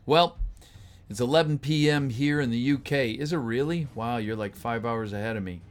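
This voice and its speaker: With faint music behind him, a man of medium pitch talks at a moderate pace on his livestream. He's a voice actor reading a script, and between lines he greets viewers and reads out their messages in a casual way, sounding somewhat worn out.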